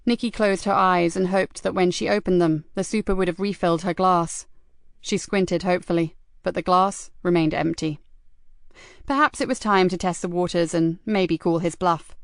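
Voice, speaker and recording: Low, smooth woman narrating. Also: no echo, studio quality. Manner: measured, even storytelling. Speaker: audiobook narrator. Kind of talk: scripted narration.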